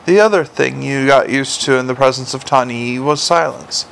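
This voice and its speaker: A man's voice: mid-range voice, moderate pace, vocal fry, few pauses, fairly bright tone, clear, resonant tone. A man narrating a comic novel aloud with a dry, wry delivery. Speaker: audiobook narrator.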